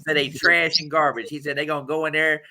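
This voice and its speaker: A man hosting a casual sports talk stream, swearing freely and talking loudly and animatedly. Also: fairly high pitch, fast talker, slight background noise. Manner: loud, profane, animated. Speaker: podcast host.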